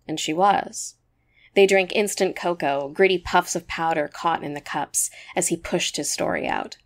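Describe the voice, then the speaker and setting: A woman narrating a short story in a measured, even storytelling manner. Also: fairly low pitch.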